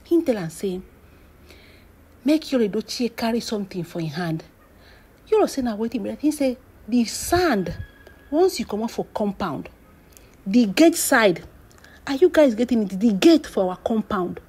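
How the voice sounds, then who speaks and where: Husky Nigerian woman dishing dramatic gossip. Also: on the high side, very animated, a little mellow. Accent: Nigerian Pidgin English. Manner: emphatic, drawn-out phrases, whispered asides, sudden exclamations. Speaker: celebrity gossip commentator.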